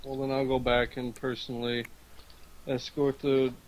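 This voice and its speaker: A man's voice: medium pitch, level tone, normal speed, a little hiss or hum, poor audio. A man playing in a casual tabletop game, brash and joking, swearing freely. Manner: brash, swears a lot, jokey. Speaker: player.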